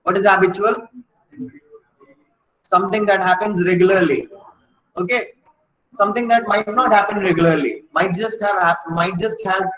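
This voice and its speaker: A male grammar teacher quizzing his class with rapid questions, switching between English, Malayalam and Hindi. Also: sits high, fairly bright tone. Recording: echoey classroom.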